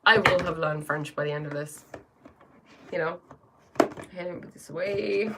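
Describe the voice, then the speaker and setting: Gravelly-voiced woman chatting on a live stream. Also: on the low side, normal speed, heavy background noise. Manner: chatty, greets viewers, restarts sentences. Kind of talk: casual live stream chat and oracle card reading.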